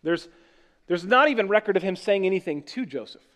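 A man's voice: high-pitched, expressive, fairly quick, fairly bright tone. A man preaching a sermon as pastor, earnest and conversational, often restarting and correcting himself.

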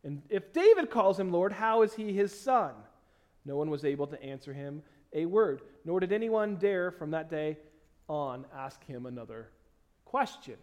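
This pastor's voice sits fairly high, with lively intonation, as he preaches and reads scripture aloud. His phrases come slow and stressed, moving between loud emphasis and quiet side remarks.

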